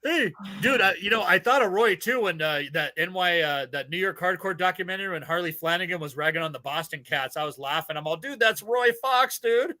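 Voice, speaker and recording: A man's voice: a little high, fast, few pauses, bright, forceful tone. A man hosting a podcast, chatting casually and telling rambling, profane stories with lots of laughter. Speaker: podcast host. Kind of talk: casual chat.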